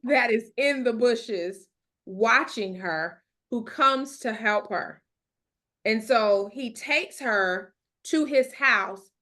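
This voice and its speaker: A woman's voice: on the high side, a bit bright. A woman teacher reading a story aloud to learners, stopping to explain words simply and check they follow.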